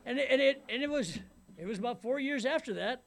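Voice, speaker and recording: A middle-aged man with a high, gravelly voice tells his life story in a loose, rambling way. He repeats his words as he goes and keeps asking if you know what he means. He grew up in Ventura County, California. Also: expressive, quick pace, slight background noise. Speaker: speaker sharing his recovery story. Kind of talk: personal testimony.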